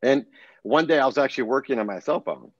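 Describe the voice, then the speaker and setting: A middle-aged man, a podcast guest, telling a personal story in an earnest, animated way, often restarting his sentences. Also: mid-range voice, fast, no echo, muffled recording. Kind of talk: casual storytelling interview.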